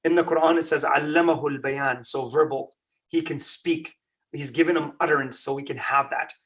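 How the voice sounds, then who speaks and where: A man giving a conversational religious lecture, animated and quizzing his listeners with rhetorical questions. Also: fairly high pitch, moderate pace, distant mic. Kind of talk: Ramadan lecture.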